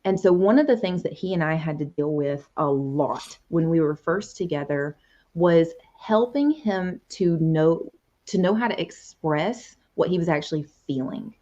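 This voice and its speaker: A woman's voice: sits low, lively intonation, a little slow, dark tone. A woman guest, a conversation coach, telling a personal story in an earnest, reflective way. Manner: earnest, reflective, often quotes past conversations. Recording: muffled lo-fi audio.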